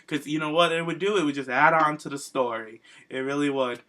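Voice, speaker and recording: A man's voice: a little high, brisk, bright, forceful tone. A man co-hosting a casual wrestling podcast, gushing and campy, full of slang. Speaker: podcast co-host.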